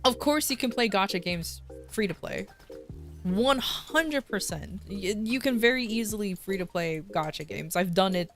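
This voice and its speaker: A woman's voice: medium pitch, lively intonation, normal speed. Ranting woman streamer, music behind. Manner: ranting, blunt, swears, frequent restarts. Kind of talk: casual livestream chat.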